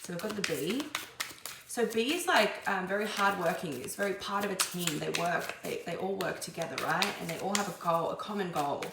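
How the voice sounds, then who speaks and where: A woman's voice: on the low side, a little fast, vocal fry. A young woman giving a casual tarot reading, chatty and rambling with many fillers and restarts. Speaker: tarot reader. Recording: echoey room, faint background noise.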